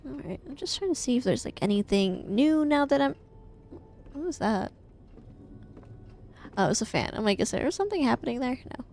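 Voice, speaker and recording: A woman's voice: on the high side, lively intonation, a little fast, pauses often, a little mellow, soft background music. Chatty Midwestern woman streaming a game. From American Midwest. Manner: chatty and rambling, swears freely, laughs often. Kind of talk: casual live-stream chat while gaming. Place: home, indoors.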